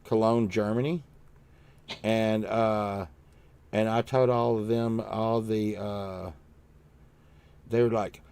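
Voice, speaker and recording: A man's voice: on the low side, fairly even intonation, slow, long pauses, darkish tone, clean tone, dry recording. A man co-hosting a casual livestream chat, rambling and repeating himself with jokes and casual swearing. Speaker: livestream co-host.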